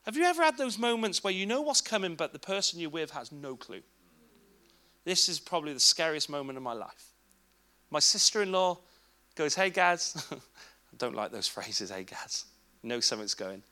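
Bright-voiced English man telling a story. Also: on the high side, very animated, moderate pace, pauses often. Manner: informal, candid storytelling with asides to the audience. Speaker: speaker at a church children's ministry event. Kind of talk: personal testimony talk.

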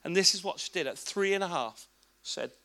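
A man's voice: sits high, a little fast, sharp tone. A man in his thirties with an English accent, giving a candid, informal personal testimony at a church children's ministry event, with asides to the audience.

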